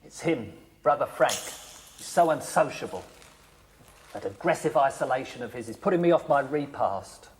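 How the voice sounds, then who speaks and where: An actor playing a prim, complaining monk in a TV sitcom. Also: male voice, medium pitch, animated, normal speed, a little hiss or hum, close to an everyday voice, rough recording. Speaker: monk Brother Gideon. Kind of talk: TV sitcom acting.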